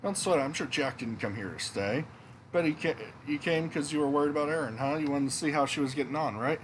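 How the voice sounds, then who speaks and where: A man's voice: a little high, quick pace, a little hiss or hum, close to an everyday voice, poor audio. A man voicing a confident middle-aged woman innkeeper who talks in a breezy, teasing way. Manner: breezy, teasing, calls people honey.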